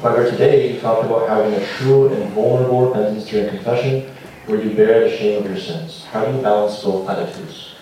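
A man from the audience reading out a question in a plain, measured way. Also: on the low side, dark tone, a little hiss or hum. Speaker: audience member asking a question. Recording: echoey hall from far off.

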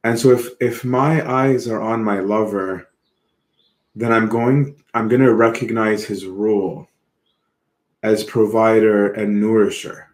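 A man's voice: lowish voice, steady tone, echoey room. A man giving an earnest, reflective sermon, repeating words as he goes. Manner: earnest, reflective, slow with repetitions. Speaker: preacher.

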